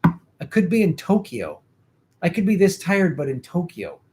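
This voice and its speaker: A man's voice: sits high, wildly swooping pitch, normal speed, dark tone. A male host chatting casually on a political livestream, rambling and swearing, tired and losing his voice.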